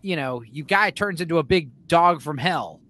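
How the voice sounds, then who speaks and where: A man with a notably high voice, talking loosely on a podcast. He rambles, swears often and throws himself into acting things out. It sounds like a relaxed chat between friends. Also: normal speed. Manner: rambling, animated, swears freely, acts out scenes. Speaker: podcast co-host.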